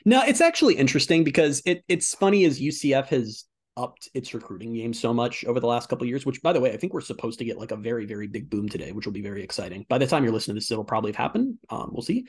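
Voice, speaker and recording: A young man talking quickly and excitedly about college football, his speech full of "like" and quick restarts. His pitch sits in the middle range for a man. The feel is relaxed, podcast-style banter with a co-host. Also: husky. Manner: quick, chatty, lots of filler "like". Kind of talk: casual sports chat.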